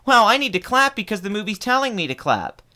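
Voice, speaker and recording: A man's voice: high voice, sing-song, quick pace, pushed and bright, pitched above the performer's own voice, full character voice. A man putting on the voice of a gullible male moviegoer, mocking him in an exaggerated sing-song. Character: gullible male moviegoer, wide-eyed and sheeplike.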